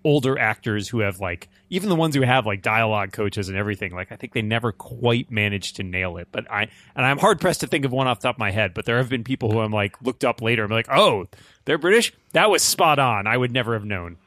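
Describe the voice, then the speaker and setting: A man's voice: on the low side, fast, few pauses, a bit bright, no echo. A man, a podcast guest, chatting in an opinionated way and laughing often. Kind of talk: casual chat.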